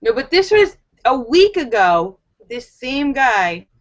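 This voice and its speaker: A young woman hosting a casual live stream at home, telling stories in an animated, chatty way with many fillers, on a webcam mic. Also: high voice, takes it slowly, lo-fi sound.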